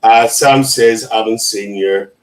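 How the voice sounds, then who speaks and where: A man's voice: on the low side, slow, rough recording. A man hosting a casual livestream, reading viewers' comments aloud in an emotional, chatty way with frequent laughter. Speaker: livestream host.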